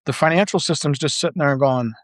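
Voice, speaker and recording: A man's voice: a little high, fairly quick, no echo. A man giving a casual monologue as a political commentator, rambling and blunt, full of filler words and restarts. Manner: blunt and profane.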